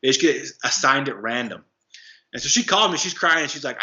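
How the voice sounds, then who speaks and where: Bright-voiced man telling a story haltingly. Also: medium pitch, lively intonation. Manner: halting, many fillers and restarts. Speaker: podcast guest, anti-trafficking worker. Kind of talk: casual storytelling. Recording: dull lo-fi sound.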